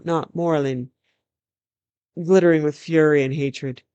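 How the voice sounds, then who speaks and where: A storyteller reading a fantasy novel aloud in a measured, even narration. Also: medium pitch, smooth, dry recording.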